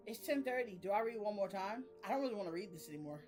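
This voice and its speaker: A young adult woman talks through her reading in a loose, rambling way, full of slang and frequent laughter. Her voice sits at a middle pitch. Soft music plays faintly behind her. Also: lively intonation, rapid-fire, hardly any pauses. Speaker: reading vlogger. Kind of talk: casual chat.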